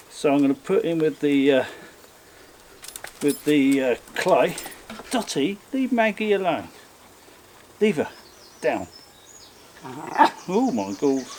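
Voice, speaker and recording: A man chatting casually as a bushcraft vlogger in his garden, rambling and self-mocking, often slipping into high coaxing talk for his pets. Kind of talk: casual chat while working outdoors. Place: home garden outdoors. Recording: noisy outdoor garden recording.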